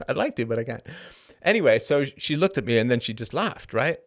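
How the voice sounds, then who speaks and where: A middle-aged man hosting a live show, answering chat questions in an animated monologue that keeps tossing in a rhetorical "right?". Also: medium pitch, fairly quick. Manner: animated, frequent rhetorical "right?", laughs mid-sentence. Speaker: host.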